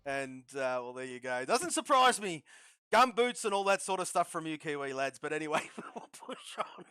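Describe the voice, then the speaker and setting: A man commentating a sim racing league, shouting with excitement at fast laps and laughing at his own jokes. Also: a little high, clean tone, no echo. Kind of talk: excitable esports race commentary.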